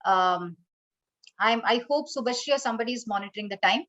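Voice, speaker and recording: A woman's voice: fairly high pitch, a little fast, fairly bright tone, highs cut off. A woman teaching an online training session, instructive, often saying "okay" and "you know". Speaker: corporate trainer.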